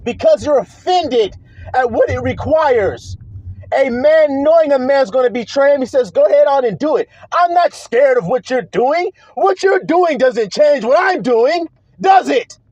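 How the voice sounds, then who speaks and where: High-voiced combative male preacher. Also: animated, unhurried, darkish tone, no room sound. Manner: combative, profane, hammering rhetorical questions. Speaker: self-styled preacher. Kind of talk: confrontational preaching monologue. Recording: dull lo-fi sound.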